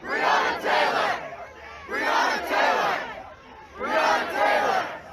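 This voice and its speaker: High-voiced man chanting amid loud crowd. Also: little pitch movement, slow pace. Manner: shouted repeated chant. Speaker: protester. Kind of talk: protest chanting.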